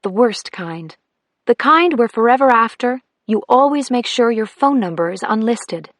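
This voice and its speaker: A woman narrating a first-person audiobook with measured, wry storytelling. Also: a little high, expressive, no echo, studio quality.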